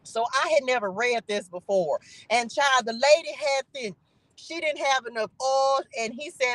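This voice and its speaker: A woman's voice: sits high, moderate pace, fairly bright tone, no room sound, rough recording. A woman hosting a channel who delivers an informal spiritual message. She preaches, calls out to the Spirit and repeats phrases for emphasis. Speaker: spiritual reader and channel host.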